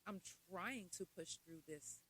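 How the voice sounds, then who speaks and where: A woman hosting a podcast, talking candidly and casually about mental health, sometimes loud and laughing, sometimes low and quiet. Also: measured pace, slight background noise, low-quality recording. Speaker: podcast host.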